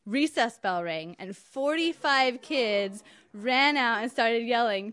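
A woman's voice: on the high side, animated, measured pace, a bit bright, clean tone. A woman telling a personal story in an emphatic, wry, indignant way. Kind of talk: personal story told to an audience.

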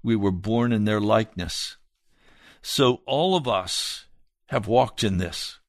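A man preaching a sermon as pastor, reading aloud and speaking in an earnest, measured way that drops soft and low for emphasis. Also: no room sound, studio quality.

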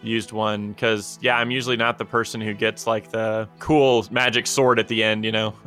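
A man's voice: on the low side, flat delivery, moderate pace, bright, forceful tone, faint music behind. A man who plays tabletop games, chatting thoughtfully and casually with his group. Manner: thoughtful, chatty, uses fillers like "like". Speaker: tabletop game player.

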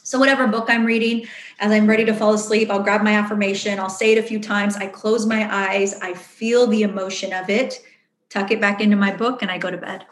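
A woman's voice: medium pitch, fairly even intonation, fairly quick, reverberant. A woman leading a workshop, answering audience questions in a chatty, earnest way and acting out her own inner voice. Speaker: workshop facilitator. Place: event room.

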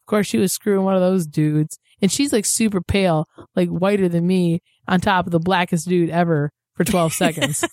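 A woman's voice: fairly low pitch, steady tone, normal speed, hardly any pauses, a little mellow, dry recording, studio quality. A woman hosting a podcast in casual chat, brash and joking, sick with a cold and losing her voice. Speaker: podcast host.

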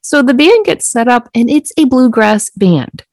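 Animated woman telling a story. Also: a little slow, no room sound. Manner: animated, acts out quoted lines in a higher voice. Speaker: podcast co-host. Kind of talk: casual storytelling chat.

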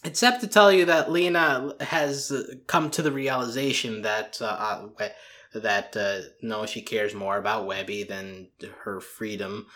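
A man co-hosting a casual cartoon review chat, speaking in halting bursts with frequent restarts and fillers. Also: fairly low pitch, steady tone, pushed and bright. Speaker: podcast co-host.

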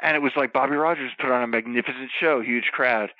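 A man telling rambling, profane wrestling stories in a casual chat, animated and quick to jump from one tangent to the next. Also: medium pitch, no echo. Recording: slightly dull, dry sound.

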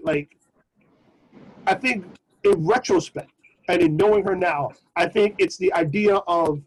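A middle-aged man co-hosting a podcast tells a story in casual chat, lively and profane, and slips into the voices of the people he quotes. His voice sits high for a man and has a husky edge. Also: poor audio. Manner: animated, swearing, acts out quoted voices. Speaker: podcast co-host.

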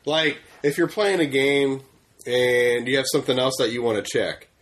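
An easygoing man with a mid-range voice co-hosts a podcast. He rambles through his thoughts with plenty of fillers and restarts, relaxed and conversational. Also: mid-range voice, normal speed. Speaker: podcast co-host. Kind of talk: casual chat.

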